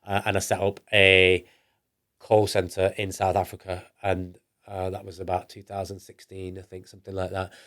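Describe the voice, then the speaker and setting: A low, monotone, slightly bright male voice at normal speed belongs to an entrepreneur from northern England. Guesting on a casual podcast, he rambles through his story, restarting often and acting out things people told him.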